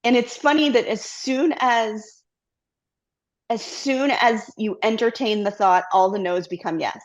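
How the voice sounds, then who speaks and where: A middle-aged woman sits for an interview and tells her own story with candor and reflection. Her voice sits a little higher than most, and she now and then slips into quoting the thoughts she once had. The recording is slightly muffled and lo-fi. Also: measured pace. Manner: reflective, acts out her past self-talk in quotes. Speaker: guest, company CEO. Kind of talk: candid conversational storytelling.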